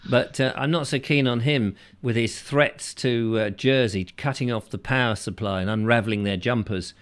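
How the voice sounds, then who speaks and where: A man hosting a call-in show, chatting casually with rambling jokes and a jumpy, lively delivery. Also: moderate pace, clear, resonant tone. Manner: rambling, jokey, with pitch jumps. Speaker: host. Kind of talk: casual comedic chat.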